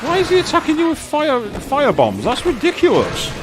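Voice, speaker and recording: A man co-hosts a casual gaming let's play with wry, joking remarks, his voice rising and falling a lot. Game music plays clearly behind him. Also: very high voice, wildly swooping pitch, a little fast.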